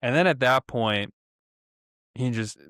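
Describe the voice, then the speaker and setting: A young man telling a story on a podcast in a casual, profane, animated way, acting out quotes in raised voices. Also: medium pitch, slow, clear, resonant tone, dry recording, clean studio sound. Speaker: podcast co-host.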